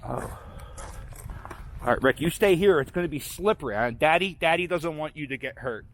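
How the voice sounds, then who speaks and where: A man's voice: fairly high pitch, expressive, normal speed, fairly bright tone. A man rambling casually while he walks a snowy abandoned waterfront, chatting to his dog on a handheld camera. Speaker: vlogger exploring abandoned sites. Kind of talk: casual walking commentary. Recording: outdoor noise.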